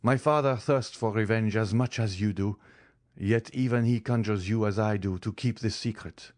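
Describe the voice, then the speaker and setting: A man voicing a shaken middle-aged prosecutor who speaks hoarsely and begs for secrecy. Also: lowish voice, fairly even intonation, normal speed, a little mellow, no room sound, studio quality, lightly acted. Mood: grave entreaty. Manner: hoarse, entreating.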